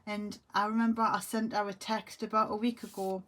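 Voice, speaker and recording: A grieving, tearful woman talks to camera in a halting way, often trailing off and repeating herself. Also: medium pitch, flat delivery, a bit bright. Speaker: vlogger. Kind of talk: emotional monologue to camera.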